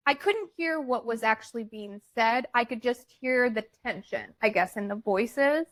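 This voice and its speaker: A woman co-hosting a podcast in casual chat, expressive and chiming in often as she tells her side of a story. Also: a little high, dry recording. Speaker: podcast co-host.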